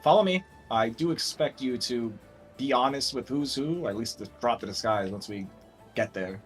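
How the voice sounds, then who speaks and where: A man's voice: medium pitch, normal speed, faint music behind, lightly acted. A man doing a stoned old wizard. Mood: wry. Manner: wheezy old man voice with a smoker's cough. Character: stoned older male wizard guide, drowsy.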